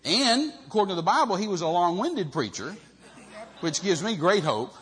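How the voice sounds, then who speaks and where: A man preaching a humorous storytelling sermon in a folksy way, swinging between loud and soft and acting out the people in the story. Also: high voice, very animated, moderate pace. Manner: folksy, acts out Bible characters with voices, swings loud and soft.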